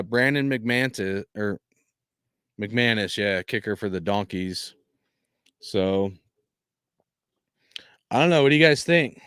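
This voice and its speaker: Young man, smooth dry close mic. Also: medium pitch, no echo. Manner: laughing, swearing, loud exaggerated dismay. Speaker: streamer opening football card packs. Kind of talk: casual live-stream chat.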